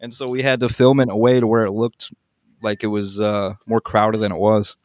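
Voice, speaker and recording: A man's voice: fairly low pitch, little pitch movement, brisk, a little mellow, no echo. A man, a filmmaker guest on a podcast, telling casual on-set anecdotes with lots of ums and laughs.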